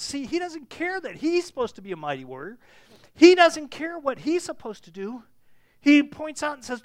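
This high-voiced preacher, captured on a dry recording, delivers his sermon as lively storytelling, alternating booming moments with hushed side remarks, pausing often and dropping in fillers.

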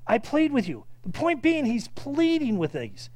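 A man's voice: very high voice, unhurried. A man preaching a sermon, retelling scripture with acted-out quotes and joking asides to his congregation. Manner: animated preaching, acts out quoted speech, jokes aside. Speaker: pastor.

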